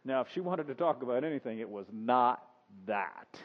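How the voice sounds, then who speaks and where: A man's voice: medium pitch, lively intonation, normal speed. A man preaching a sermon in a conversational way, acting out the story in voices. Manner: conversational, acts out the scene in voices. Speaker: pastor. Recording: dull sound with long reverb.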